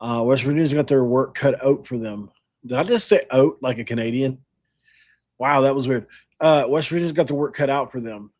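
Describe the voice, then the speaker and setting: A man hosts a sports podcast in a relaxed, chatty way. He rambles, corrects himself and laughs at his own slips. His voice sits at an ordinary middle pitch. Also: fairly quick. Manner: chatty, rambling, self-deprecating, laughs often. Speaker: podcast host. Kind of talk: casual sports podcast talk.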